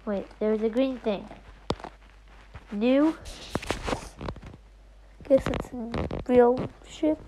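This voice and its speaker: High chatty woman murmuring over a game. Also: extremely slow, pauses often, background noise. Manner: chatty, giggly, muttering half to herself. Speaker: gaming streamer. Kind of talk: casual gameplay commentary.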